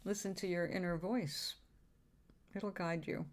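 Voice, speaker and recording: A woman's voice: lowish voice, steady tone, a little slow. A woman giving a casual self-help talk, chatty and informal, with fillers and the odd swear word.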